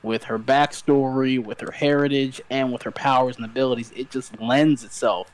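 Casual podcast cohost, animated, does little voices for quotes. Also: mid-range voice, moderate pace. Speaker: podcast co-host. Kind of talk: casual chat.

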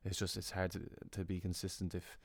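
A man's voice: sits low, monotone, fairly quick. A young Irish man co-hosting a podcast in casual, laid-back chat, swearing and laughing easily. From Ireland. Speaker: podcast co-host.

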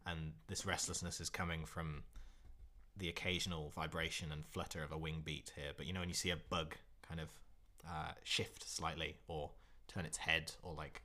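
A man's voice: extremely low pitch, flat delivery, normal speed, pushed and bright. A man narrating a tabletop game as game master, describing scenes loosely with fillers.

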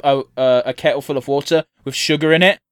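A man's voice: a little high, steady tone, fast talker, smooth, no room sound, clean studio sound. A man chatting casually and swearing freely, joking and laughing while reacting to a cartoon with a friend. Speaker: co-host watching a cartoon.

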